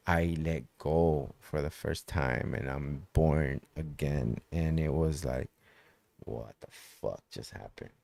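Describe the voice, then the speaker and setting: A man's voice: deep voice, darkish tone, dry recording. A man telling a personal story in casual conversation, loose and profane, repeating phrases for emphasis.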